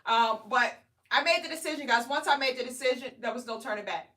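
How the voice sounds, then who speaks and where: A woman's voice: on the high side, brisk, pushed and bright. A woman in her thirties live-streaming a motivational talk to her viewers, chatty and often checking in with "okay?" and "guys.". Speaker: weight loss vlogger. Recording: distant from the mic.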